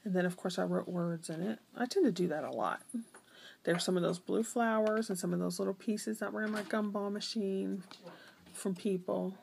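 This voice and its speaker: Casual craft-vlog woman, gravelly and chatty, rambling show-and-tell, slight background hiss. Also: mid-range voice, normal speed, darkish tone. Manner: chatty, rambling, self-correcting. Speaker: craft vlogger.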